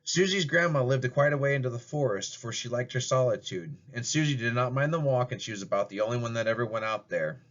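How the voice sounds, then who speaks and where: A man reads a fairy tale aloud in a plain, steady narrating voice. His pitch is ordinary for a man. The recording sounds dull and lo-fi. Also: fast, few pauses. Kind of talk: amateur storybook reading.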